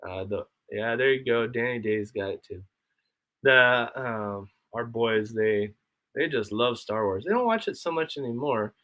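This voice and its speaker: A man hosts a casual live stream from home, rambling along and reading out comments from his chat as he goes. His voice is bright and forward at an ordinary, mid pitch. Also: animated, unhurried. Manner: rambling, chatty, reads and answers chat aloud. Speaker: livestream host. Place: home, homestead.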